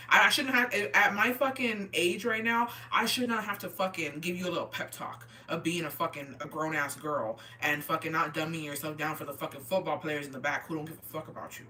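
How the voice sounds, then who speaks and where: Woman streamer, profane and animated, tense bright voice sitting back from the mic. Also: low-pitched, fairly quick, few pauses, recorded from a distance. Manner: profane, animated, reacting to chat. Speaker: streamer reading chat. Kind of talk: casual storytelling chat.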